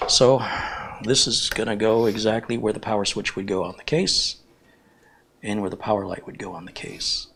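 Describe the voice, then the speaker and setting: A man's voice: on the low side, flat delivery, normal speed, creaky, fairly bright tone, husky. A man hosting a hands-on computer build tutorial, explaining each step plainly and giving firm opinions. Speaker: computer technician host.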